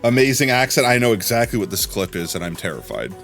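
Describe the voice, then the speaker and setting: A man's voice: mid-range voice, very animated, fast, fairly bright tone, faint music behind. A man chatting casually on a live stream, rambling from topic to topic and laughing often.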